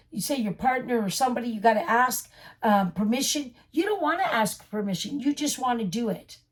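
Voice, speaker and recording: A woman giving a casual tarot reading straight to the viewer, reassuring and repeating her points. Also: fairly high pitch. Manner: reassuring, repetitive, addresses viewer directly. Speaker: tarot reader.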